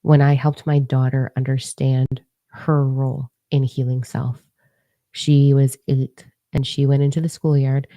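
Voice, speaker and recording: A woman's voice: extremely low pitch, measured pace, dry recording. A middle-aged woman from Canada, a spiritual coach who talks bluntly and profanely in a casual motivational monologue. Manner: blunt, profane, animated storytelling.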